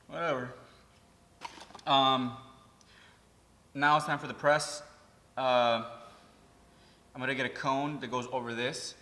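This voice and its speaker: A man's voice: mid-range voice, bright, forceful tone, long reverb tail. A man, a mechanic, chatting casually as he works in his repair shop, explaining each step and swearing now and then. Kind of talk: casual how-to vlog.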